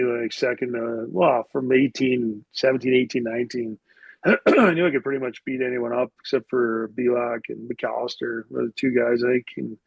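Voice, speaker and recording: A man's voice: mid-range voice, creaky, no echo. A man from Canada tells stories in a loose, rambling way, his talk full of filler words. The recording is dry and a little muffled, with no room sound around him. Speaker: podcast guest, former hockey player. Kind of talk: casual storytelling.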